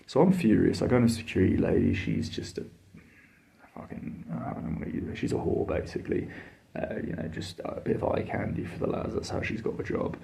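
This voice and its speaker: A man's voice: deep voice, wildly swooping pitch, brisk, vocal fry, warm tone. A man tells a travel story in a casual, blunt and sweary way, full of fillers and exasperation. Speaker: travel vlogger.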